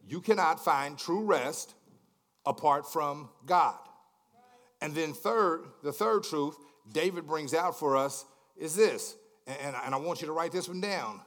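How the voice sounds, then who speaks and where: Bright-voiced man preaching with stammering restarts. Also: a little high. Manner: repetitive stammering restarts, call-and-response questions; swings from hushed to shouting climaxes. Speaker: pastor. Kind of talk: sermon.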